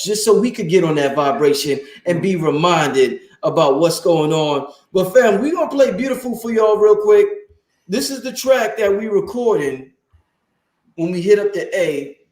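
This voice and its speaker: Male livestream host with a high voice, hyped and confident, casual and swearing, in a roomy space. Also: normal speed. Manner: hyped, excited and self-assured, swears freely. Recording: roomy, echoey room sound.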